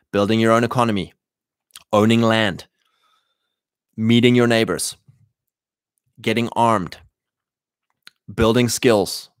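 A man's voice: mid-range voice, dry recording. Emphatic man in a dry, close recording. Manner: emphatic, with many fillers. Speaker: commentator. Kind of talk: opinionated monologue.

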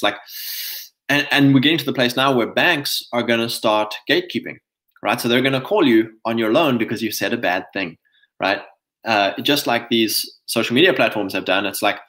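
Man, streaming commentator, emphatic, punches points with "right?", mid-pitched voice. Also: moderate pace, a bit bright. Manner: emphatic, repeats "right?" often; mocks others in put-on quoted voices. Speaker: online commentator. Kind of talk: live-streamed monologue.

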